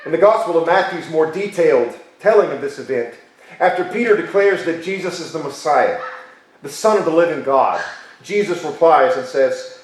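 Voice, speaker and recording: Emphatic pastor in a very echoey hall. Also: male voice, a little high, big pitch swings. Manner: emphatic, repeats key phrases, slows for stress. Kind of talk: sermon. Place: church sanctuary.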